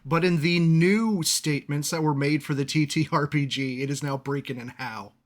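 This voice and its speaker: A man's voice: on the high side, moderate pace. A man narrating as game master of a tabletop game, chatty and laughing often as he describes the scene.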